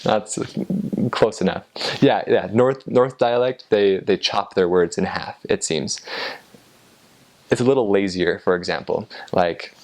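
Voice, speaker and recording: A man and former missionary explaining in a relaxed, hesitant way, pausing often on fillers. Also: fairly low pitch. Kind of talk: casual spoken explainer.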